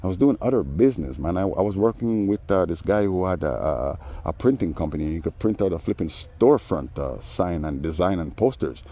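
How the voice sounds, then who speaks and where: A man telling a story in a casual rant, animated and mimicking the people he quotes. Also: deep voice, a little fast, hardly any pauses. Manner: animated, mimics others in quoted voices, laughs often. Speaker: vlogger.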